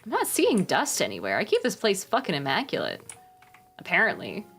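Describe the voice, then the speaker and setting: A woman's voice: mid-range voice, wildly swooping pitch, brisk, fairly bright tone, slightly rough, soft background music. A woman streaming a game, chatting casually with her viewers and swearing freely.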